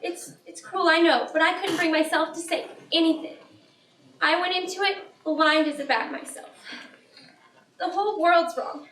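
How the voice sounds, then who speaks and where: A woman's voice: extremely high pitch, fairly even intonation, moderate pace, a bit bright. A student actress playing a tearful, fretful mother of the bride in a school stage play, heard from far off in an echoey auditorium. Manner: wistful, fretful.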